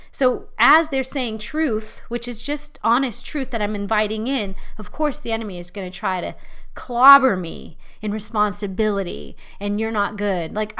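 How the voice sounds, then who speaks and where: A woman preaching a sermon in a lively, conversational way, laughing as she talks. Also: medium pitch, clean tone.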